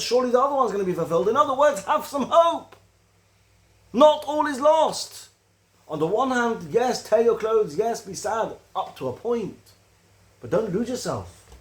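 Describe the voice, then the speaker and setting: A man giving a recorded religious lecture, earnest and building to animated emphasis on key points. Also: sits high. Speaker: Torah teacher.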